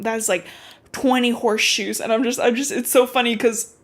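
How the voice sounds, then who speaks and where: A woman's voice: a little high, brisk. Chatty woman recapping a book casually. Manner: animated storytelling, swears freely, many "like"s. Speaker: podcast host.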